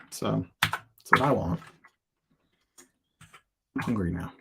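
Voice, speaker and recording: A man's voice: fairly low pitch, slow, long pauses, background noise. A man hosting a live show, reading viewers' product listings aloud in fragments and giving candid, chatty feedback with asides and jokes. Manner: reads on-screen text aloud in fragments. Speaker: host reviewing product listings.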